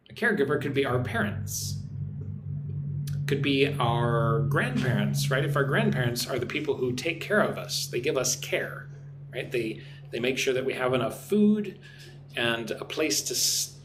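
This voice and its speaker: A man's voice: medium pitch, fairly bright tone. A man from Texas runs a live English lesson, reading viewers' comments and breaking words down syllable by syllable. He talks in a friendly, chatty way and keeps checking in with "right?". His voice carries a roomy echo over a faint hum of background noise. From Texas, United States. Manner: chatty, explains words slowly and repeats them, says "right?" often. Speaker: English teacher hosting a livestream.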